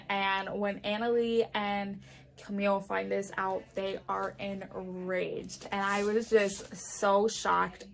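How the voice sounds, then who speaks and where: A woman's voice: mid-range voice, gravelly, a bit bright. A young woman chatting casually in a book review vlog, often saying "like" and acting out the characters' lines. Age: young adult.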